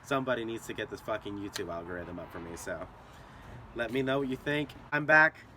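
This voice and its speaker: A man's voice: on the low side, expressive, brisk, noisy background. A young man telling a story to his channel in a casual, profane, rambling way.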